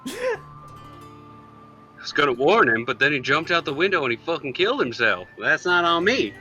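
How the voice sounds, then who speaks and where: A man's voice: fairly high pitch, huge pitch swings, moderate pace, pushed and bright, faint music behind. A man playing a tabletop role-playing game, joking and laughing. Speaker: player. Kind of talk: casual tabletop play.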